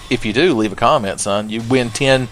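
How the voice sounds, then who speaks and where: A man's voice: medium pitch, normal speed, slight background noise. A man giving casual, joking let's play commentary with lots of swearing and rambling asides. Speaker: gaming channel host.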